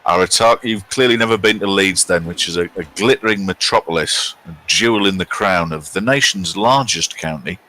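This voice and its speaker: A middle-aged man with a British accent hosts a live game stream, his voice low-pitched yet bright and forceful. He reads viewer comments aloud in a wry, chatty manner and pokes fun at his own pronunciation. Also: fairly quick, hardly any pauses, poor audio. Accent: British English.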